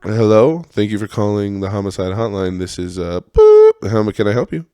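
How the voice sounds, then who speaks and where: A man's voice: lowish voice, brisk, warm tone, clean tone, no echo, studio quality, lightly acted. A man voicing a polite male phone operator who greets callers in a customer-service tone. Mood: chipper.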